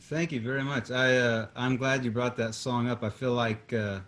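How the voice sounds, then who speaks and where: A man's voice: mid-range voice, fairly even intonation, moderate pace, a bit bright. Chatty man rambling on a video call. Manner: rambling, many restarts and fillers. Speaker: guest singer-songwriter. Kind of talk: casual chat.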